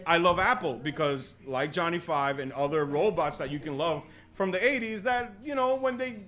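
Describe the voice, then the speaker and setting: A young man hosting a podcast in casual chat, excitable and full of "yo", often restarting his sentences. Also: a little high, normal speed. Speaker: podcast host.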